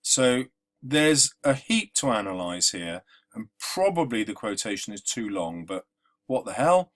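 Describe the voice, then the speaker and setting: Chatty male literature teacher. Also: medium pitch. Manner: conversational, explanatory, with frequent fillers. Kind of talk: exam-revision lesson.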